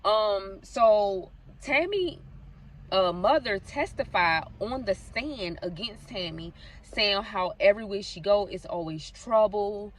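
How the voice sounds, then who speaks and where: A woman vlogger takes her time retelling a true-crime story in a chatty way, with lively intonation in a medium-pitched voice. She speaks directly to viewers, peppering her talk with "so basically" and similar fillers. The mic is at a distance.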